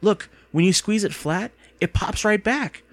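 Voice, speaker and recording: A man reading aloud and voicing an excitable, pushy young girl in a storybook. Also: high-pitched, unhurried, dry recording, pitched above the performer's own voice. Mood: excited.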